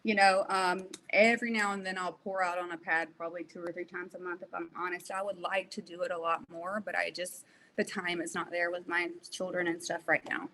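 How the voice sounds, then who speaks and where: A woman's voice: lowish voice, brisk, slight background noise, poor audio. A woman in her late thirties, a fitness competitor, speaking openly as a guest in a casual podcast interview. She talks with animation and laughs often. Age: 30s. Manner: candid and animated, laughs often, many fillers.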